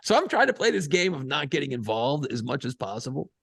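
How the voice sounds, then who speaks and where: Podcast co-host, male, gravelly, lively delivery, dry studio sound. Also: fairly high pitch, fast, dry recording. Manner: animated profane storytelling, acts out other voices. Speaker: podcast co-host and radio program director. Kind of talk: casual storytelling banter.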